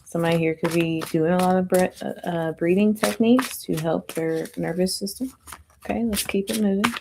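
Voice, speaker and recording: A woman doing a chatty, rambling tarot reading, her voice going hoarse. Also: lowish voice, moderate pace, noisy background. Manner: chatty, rambling, self-interrupting. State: losing her voice. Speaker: tarot reader.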